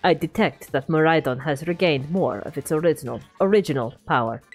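A woman's voice: low voice, soft background music, voice pushed down. A woman doing a formal Russian-accented scientist. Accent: put-on Russian. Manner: measured, formal. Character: calm adult male scientist on a video call.

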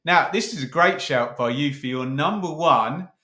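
A man hosting a casual chat, teasing his co-host in a playful, brisk way. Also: on the high side, bright, forceful tone, echoey room. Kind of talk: casual chat ranking football kits.

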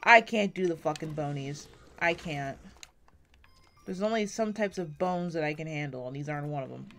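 A woman giving casual, rambling commentary while playing a video game, self-deprecating and swearing often, swinging between quiet and loud, on a close desk mic. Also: deep voice, moderate pace. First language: English. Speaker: gaming YouTuber.

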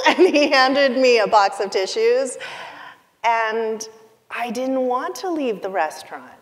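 Slow, reverberant middle-aged woman storyteller. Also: fairly high pitch, lively intonation. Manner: confessional, emotive, deliberate pauses. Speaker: keynote speaker. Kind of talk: personal storytelling talk. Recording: long hall reverb.

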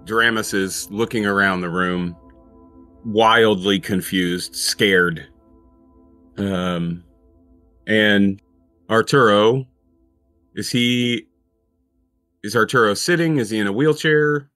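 A man leads a tabletop game, describing scenes and prompting his player with questions. His voice is fairly low and recorded close in a dry space. Faint music plays underneath. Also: slow pace, long pauses, bright, forceful tone, no echo. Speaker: game master.

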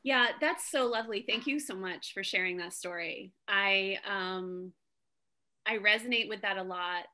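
Woman improv coach on a video call, bright and encouraging. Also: medium pitch, measured pace. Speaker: guest speaker, improv coach. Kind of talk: casual video-call talk.

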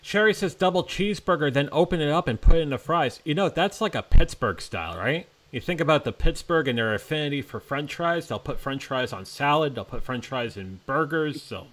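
A man's voice: on the high side, lively intonation, brisk, hardly any pauses, a bit bright. A man co-hosting a casual chat show, playfully reading viewer comments aloud.

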